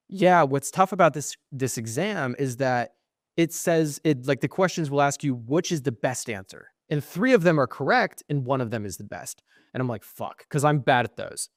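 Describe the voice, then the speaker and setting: On a podcast, this young co-host tells a lengthy, meandering story from his own life at a moderate pace, animated and profane as he plays out both sides of quoted conversations. The average-pitched voice is recorded close and dry, without echo.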